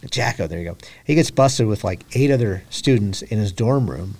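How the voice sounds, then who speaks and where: A man's voice: on the low side, animated, normal speed, a little mellow. A man co-hosting a podcast, telling a story in casual chat with dry jokes and frequent hesitations. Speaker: podcast co-host. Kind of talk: casual chat over drinks.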